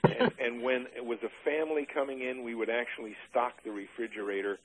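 An older man in an oral history interview, recalling his army days with dry humor and many halting "uh" restarts. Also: medium pitch, fairly even intonation, rough recording.

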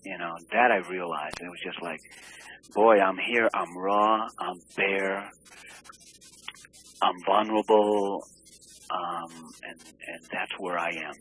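A man recounting a deeply personal experience in an interview, earnest and halting, searching for words with many restarts. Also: steady tone, a bit bright, soft background music, low-quality recording. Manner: earnest and emotionally open.

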